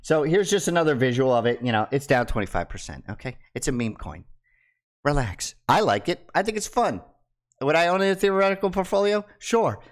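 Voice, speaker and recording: A young man talking casually to camera as a crypto YouTuber, teasing his viewers and dropping from loud bursts to hushed asides. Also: a little high, sing-song, fairly quick.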